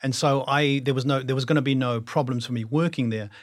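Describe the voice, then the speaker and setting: A man's voice: mid-range voice, steady tone, quick pace. A middle-aged man with a New Zealand accent, a guest actor reflecting in a casual interview and often restarting his sentences. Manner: reflective, self-deprecating, many restarts.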